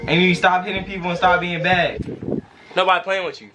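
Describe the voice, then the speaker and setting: A man's voice: high-pitched, level tone, brisk, music in the background. A man filming a casual home vlog as a young father, playfully laughing and scolding his toddler in a bedroom.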